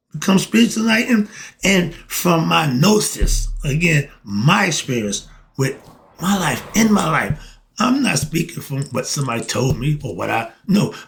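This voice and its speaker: A self-styled philosophy teacher talks to camera in a casual, preachy spiritual monologue, posing rhetorical questions and answering them himself. His voice sits on the high side with vocal fry and a fairly bright tone. He speaks colloquially and often cuts himself off with "moving on."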